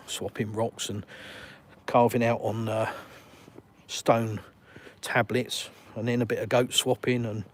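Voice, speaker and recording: Blunt Englishman chatting on a phone stream. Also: medium pitch. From England. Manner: blunt, outspoken, swears casually. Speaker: live streamer. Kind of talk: casual live-stream chat reading viewer comments. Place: outdoors, walking around while streaming.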